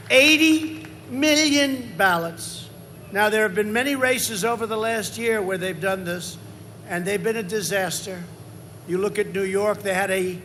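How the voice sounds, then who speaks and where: Older man, rally speech, bright tense voice, high-pitched, repetitive and rambling. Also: a little hiss or hum. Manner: repetitive, rambling, swings to loud emphasis. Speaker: politician at a rally. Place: large campaign rally.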